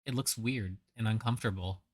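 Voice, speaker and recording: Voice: medium pitch, fairly quick, dry recording, studio quality. A reaction commentator talking over a clip in a blunt, mocking way, swearing casually as they pick apart what they watch.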